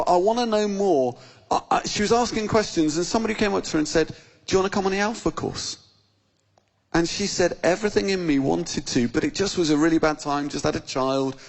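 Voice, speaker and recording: A middle-aged man, a bishop, preaching a sermon in a church in a lively storytelling way, acting out the voices of the people in his stories. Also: a little high. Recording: long church reverb.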